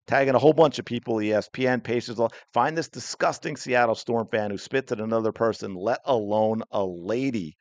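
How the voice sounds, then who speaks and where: A man's voice: mid-range voice, a little fast, hardly any pauses, no room sound. A man hosting a sports podcast, delivering heated, indignant commentary in an angry rant. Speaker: podcast host.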